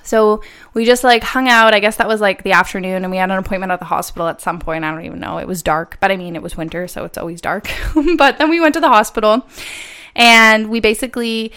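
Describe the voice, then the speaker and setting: Chatty young woman with a smooth voice. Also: medium pitch, fairly even intonation, fast talker, fairly bright tone. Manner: chatty, many "like" fillers, laughs often. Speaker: vlogger. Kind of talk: casual storytelling.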